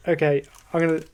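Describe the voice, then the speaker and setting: A man's voice: a little high, a little mellow. A man co-hosting a comedy podcast, chatty as he explains the rules of an impressions game. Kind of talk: casual comedic chat.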